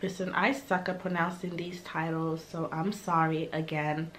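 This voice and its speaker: A woman's voice: sits low, level tone, normal speed, a bit bright, slight background noise. A young woman vlogging her reaction to a music album, gushing and emotional, humming along at times. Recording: music playing faintly underneath.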